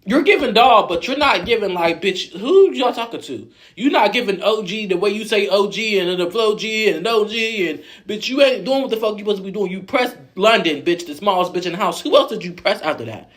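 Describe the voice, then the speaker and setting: A man putting on a shrill, sassy female housemate who scolds someone in a high, mocking, profane voice. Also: normal speed, fairly bright tone. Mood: scolding.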